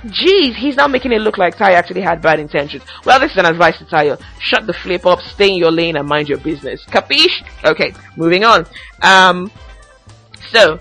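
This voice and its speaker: A woman's voice: lowish voice, vocal fry, bright, forceful tone, poor audio. A young woman hosting a casual commentary podcast, ranting with sassy asides and recapping reality show gossip. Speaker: podcast host.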